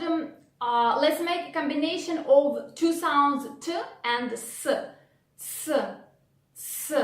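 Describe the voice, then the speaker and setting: High-voiced woman teaching slow pronunciation drills. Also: a bit bright. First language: Russian. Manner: drills words by slow repetition. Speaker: language teacher. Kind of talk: slow, clear pronunciation lesson. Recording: echoey room, voice a little far from the mic.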